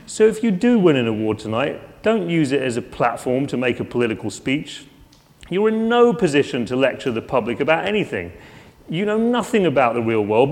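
A man's voice: fairly high pitch, a little mellow. A man putting on an impression of a sardonic male comedian host who mocks celebrities bluntly, heard with long hall reverb. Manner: mocking, blunt.

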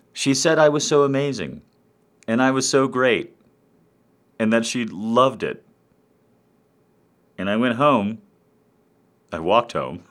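Animated, crude comic rambler, a man. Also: mid-range voice. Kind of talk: crude comic monologue to a live online audience.

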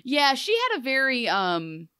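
A woman's voice: high-pitched, wildly swooping pitch, unhurried, sharp tone, clear, resonant tone, dry recording, clean studio sound. A young woman co-hosting a casual chat, recapping a TV episode and acting out the characters' lines in jokey voices. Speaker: podcast co-host.

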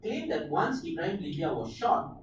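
A man with a Malaysian English accent, co-hosting a podcast and retelling a historical event in a casual, animated way. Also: fairly high pitch, moderate pace, heavy reverb, far from the mic, slight background noise, poor audio. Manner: animated storyteller, slips into silly voices. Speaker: podcast co-host.

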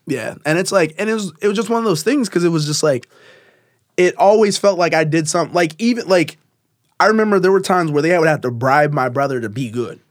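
A man's voice: on the high side, fairly quick, no echo, studio quality. A man telling a personal story in casual conversation, rambling with many fillers and restarts.

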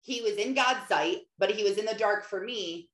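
A woman, a mother, giving an animated, casual faith talk and often acting out quotes. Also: mid-range voice, normal speed. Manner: animated, often acts out quotes, many fillers. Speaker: mother and Christian speaker. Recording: roomy echo.

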